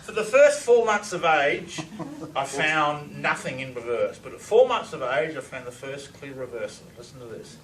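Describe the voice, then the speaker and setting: A man lectures with eager energy and keeps turning to the audience with questions. His voice sits a bit high for a man. He is recorded from a distance in a reverberant room with a faint hiss behind him. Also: big pitch swings, moderate pace, fairly bright tone. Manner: enthusiastic, asks the audience questions. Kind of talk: presentation to a live audience. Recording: echoey room, distant mic, faint noise.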